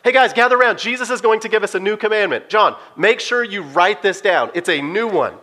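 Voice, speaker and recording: An eager disciple calls his friends together in a loud, excited voice, as a male preacher puts him on. The tone is high and bright. He sounds keen to gather everyone. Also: moderate pace, slightly rough, exaggerated voice. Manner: eager, rallying.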